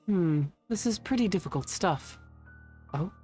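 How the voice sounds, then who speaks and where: A woman's voice: lowish voice, expressive, unhurried, mellow. A woman streaming a game in casual commentary, reading on-screen text aloud with wry, sweary asides. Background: faint game music.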